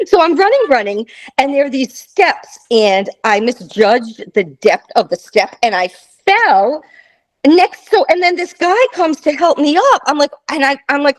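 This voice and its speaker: A woman in her fifties with a fairly high voice tells a travel story to a friend in a casual interview. She is animated and laughs often, and she jumps into the voices of the people in her story. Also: moderate pace, rough recording. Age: 50s. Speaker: guest.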